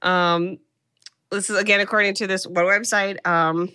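Bright-voiced woman retelling a film plot. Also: medium pitch, steady tone, normal speed, smooth. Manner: chatty, swears casually, quotes characters with small voice shifts. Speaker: podcast co-host.

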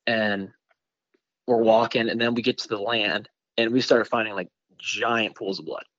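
A man from Michigan, a bowhunter guest on a podcast, tells a story in an excited, rambling way and packs his talk with "like" and "you know". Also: fairly low pitch, moderate pace, no room sound, highs cut off. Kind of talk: casual storytelling in a podcast interview.

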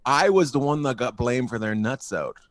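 A man's voice: medium pitch, lively intonation, moderate pace, no room sound. A male guest comedian telling a road story in casual chat, profane and laughing as he goes.

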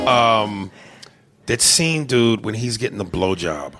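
A man chatting casually about a movie, animated, with exclamations and big jumps in pitch. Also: a little slow, loud music behind the voice.

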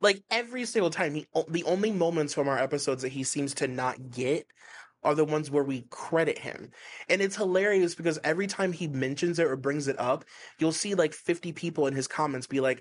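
A man's voice: a little high, moderate pace, a little hiss or hum. A man co-hosting a podcast in casual chat, rambling with lots of fillers and frequent laughs, in a hazy, stoned state. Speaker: podcast co-host.

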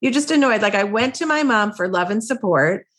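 In a mid-range, fairly bright voice with lively intonation and a slightly fast pace, this podcast co-host reflects on motherhood in casual conversation. She leans heavily on fillers such as "like" and "I mean" as she talks parenting.

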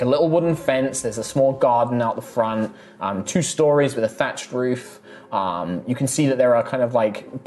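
A man's voice: medium pitch, a little mellow. A man narrating a tabletop game as game master, casual and rambling, with lots of fillers.

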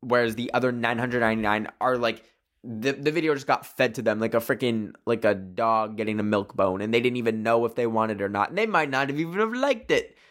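On his own video channel, a young man rambles playfully through casual would-you-rather questions, using lots of fillers. His mid-range voice is a bit bright and a little fast.

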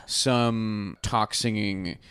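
A man's voice: on the low side, fairly even intonation, extremely slow, fairly bright tone, smooth, no room sound. A man hosting a casual music podcast, playful and joking as he leads the rundown. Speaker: podcast host. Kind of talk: casual chat.

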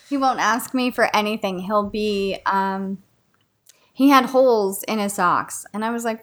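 A woman and mother chatting casually on a podcast, her loudness shifting as she talks. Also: mid-range voice, a little slow. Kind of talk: casual chat.

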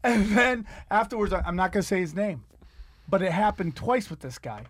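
A man's voice: high-pitched, expressive, brisk, no echo. A man hosting a podcast, telling profane stories in casual chat and acting out what people said. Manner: profane storytelling, acts out quotes. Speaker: podcast host.

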